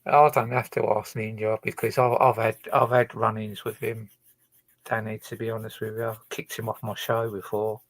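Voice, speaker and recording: A man's voice: lowish voice, flat delivery, moderate pace, no echo. Rambling, swearing man, dry sound. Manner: rambling, hesitant, heavy swearing. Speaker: livestreamer. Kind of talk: casual livestream chat. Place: his own boat.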